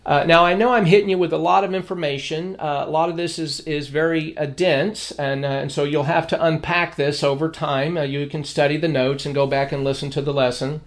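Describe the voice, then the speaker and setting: A man with a notably high voice delivers a theology lesson. He speaks emphatically, repeating his main points and citing scripture references. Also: fairly even intonation, brisk, hardly any pauses. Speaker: Bible teacher. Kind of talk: theology lecture.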